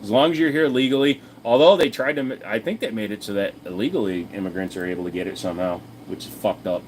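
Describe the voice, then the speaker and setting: Talking fast in a fairly low voice over background noise, a male livestream host responds to chat. He's chatty, blunt and profane, rambling with plenty of fillers as he addresses viewers directly.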